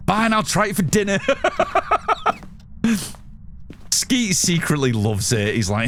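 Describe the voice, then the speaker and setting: A man's voice: on the high side, very animated, slow, long pauses, a bit bright, slight background noise. A British man chatting casually with viewers while playing a game on a live stream. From United Kingdom. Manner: chatty, reads out and answers chat while playing. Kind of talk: casual live gameplay commentary.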